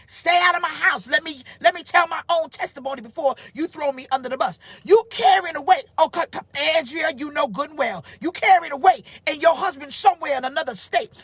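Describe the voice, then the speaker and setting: A middle-aged woman pastor preaching a live-streamed sermon, emphatic and informal, rising to shouts and reading out comments from viewers. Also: very high voice, no room sound.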